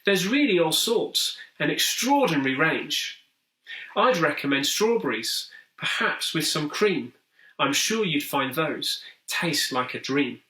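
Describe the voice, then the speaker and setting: A man reads a clever, helpful boy in a calm, coaxing voice for a storybook. The tone is bright and the pace is slow. It sounds roomy and set back from the mic. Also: a little high, heavily acted. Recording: roomy echo, distant mic.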